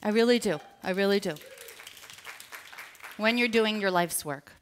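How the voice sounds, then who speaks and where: A woman business coach giving an energetic motivational seminar talk, drawing the audience in with call-and-response questions. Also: medium pitch, measured pace, some chatter behind, slight background noise. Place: live event with an audience.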